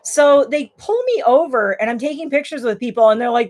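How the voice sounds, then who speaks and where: A woman in her forties chatting casually to camera, telling rambling stories with animated, exclamatory bursts. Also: high voice, brisk. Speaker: vlogger.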